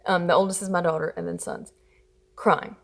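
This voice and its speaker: A woman's voice: fairly low pitch, normal speed, gravelly. Chatty mom in her thirties giving parenting advice. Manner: chatty and expressive, acting out her children's whiny voices. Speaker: parenting vlogger and mother. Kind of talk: casual storytelling advice.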